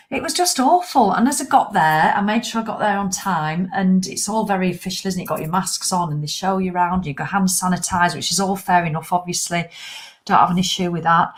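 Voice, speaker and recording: Chatty woman in her fifties. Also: mid-range voice. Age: 50s. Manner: chatty, rambling, swears for laughs. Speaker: livestream host. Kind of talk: casual live chat to viewers.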